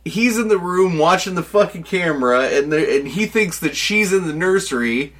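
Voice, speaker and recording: A man's voice: high voice, lively intonation, moderate pace, a bit bright. A man co-hosting a podcast, casually bantering and swearing while recapping a movie. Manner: laughing, profane banter. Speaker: podcast co-host. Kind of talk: casual chat.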